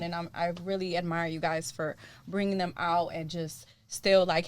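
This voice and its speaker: A woman's voice: on the low side, steady tone, moderate pace, hardly any pauses. A woman co-hosting a casual podcast chat, encouraging and affirming the others. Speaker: podcast co-host.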